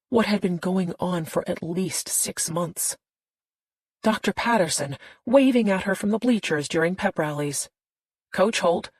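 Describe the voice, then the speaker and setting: A woman narrating a thriller audiobook in a tense, steady storytelling manner. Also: on the low side, slightly rough, dry recording, low-quality recording.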